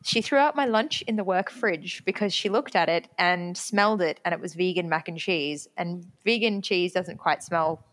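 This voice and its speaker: Animated woman telling quick stories. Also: fairly low pitch. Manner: quick, animated storytelling, acts out quotes. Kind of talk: casual chat.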